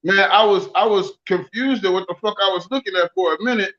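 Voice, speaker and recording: A man's voice: sits high, brisk, a bit bright, lo-fi sound. A man in his forties co-hosting a podcast, telling profane, joking stories in casual banter. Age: 40s. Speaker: podcast co-host.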